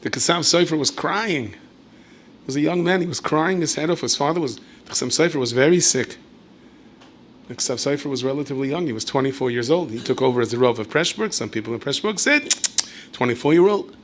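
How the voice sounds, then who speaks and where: A rabbi delivers a Torah lecture as a string of stories, his voice bright and forceful at a middling pitch. He talks conversationally, correcting himself mid-sentence and tossing in asides. When he quotes someone he leaps up high and loud to act the line out. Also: brisk, slight background noise. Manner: animated storyteller who leaps high and loud when acting out quoted speech.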